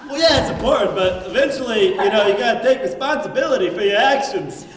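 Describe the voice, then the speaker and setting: A man's voice: sits high, expressive, fast talker. A man playing a scolding stranded fish. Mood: griping. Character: bickering male fish stuck in a box. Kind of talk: improv comedy scene. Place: theater stage. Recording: echoey hall filmed from far off.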